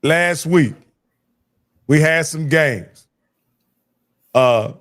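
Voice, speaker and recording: A man hosting a sports talk show who teases his co-hosts in a joking way. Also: fairly high pitch. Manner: joking, teasing. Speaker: show host.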